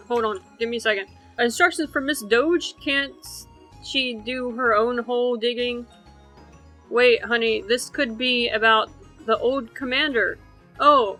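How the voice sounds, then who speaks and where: A woman's voice: a little high, sharp tone, low-quality recording. A young woman reading a fan comic dub aloud in a playful, casual way. She often stumbles over words and rereads her lines.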